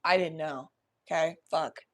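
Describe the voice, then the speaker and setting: A young adult woman hosting a podcast, telling a story in an animated, profane, laughing way. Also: low-pitched, a little slow. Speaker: podcast host. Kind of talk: casual storytelling.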